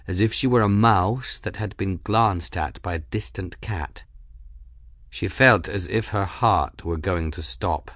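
A man narrating a fantasy audiobook in measured, even scripted narration. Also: lowish voice, dry recording, clean studio sound.

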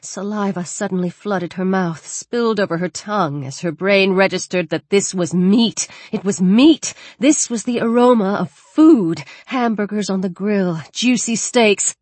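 A woman's voice: medium pitch, a little mellow, no echo. Woman narrating a horror audiobook. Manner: measured, dramatic reading.

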